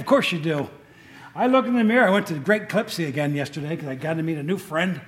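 A man's voice: fairly high pitch, animated, fast talker. A man giving an informal sermon, chatty, asking the congregation questions and often restarting his sentences. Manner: conversational, asks the audience questions, restarts often. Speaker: preacher. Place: room with a tin roof in the rain.

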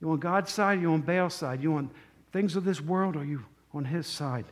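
A man's voice: on the high side, normal speed, lightly acted. A man voicing a bold male prophet who challenges the crowd in a commanding way, within his own sermon. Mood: challenging.

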